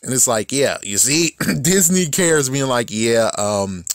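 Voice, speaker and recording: A man's voice: mid-range voice, lively intonation, measured pace, dry recording, clean studio sound. A man in his thirties ranting casually about a show, rambling and swearing, with frequent laughs. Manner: rambling, profane, laughs often. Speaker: YouTube show reviewer. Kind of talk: casual rant.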